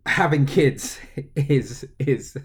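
A young man co-hosting a podcast, thinking aloud in a rambling, hesitant way and laughing often. His voice sits at an ordinary mid pitch. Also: extremely slow. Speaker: podcast co-host. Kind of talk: casual chat.

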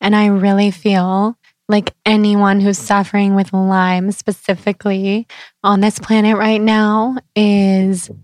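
A woman's voice: mid-range voice, level tone, slow, darkish tone, dry recording. A woman guest speaking earnestly and reflectively in a casual interview. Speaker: podcast guest.

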